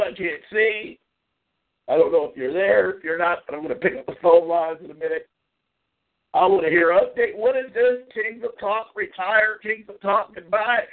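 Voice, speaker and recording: Exasperated talk host on a tinny line. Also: male voice, moderate pace. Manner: exasperated, swings between high and low pitch. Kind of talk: ranting call-in talk show.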